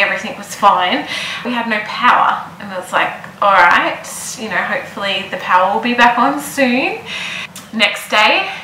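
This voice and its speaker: A woman's voice: medium pitch, sharp tone, roomy sound, slight background noise, poor audio. A heavily pregnant young woman chatting casually in a vlog, repeating words for emphasis. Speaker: vlogger.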